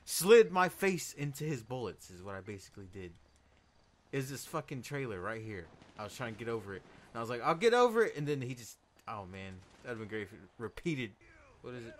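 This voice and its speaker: Excitable young man commentating a game. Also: medium pitch. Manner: excitable, swearing, quick jumps into loud outbursts. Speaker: gameplay video host. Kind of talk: casual gaming commentary.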